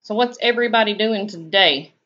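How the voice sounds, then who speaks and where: A woman's voice: medium pitch, brisk, sharp tone. A woman with a Southern US accent, chatting casually on her live stream and answering viewers' comments in a laid-back, drawling way. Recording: dull lo-fi stream audio.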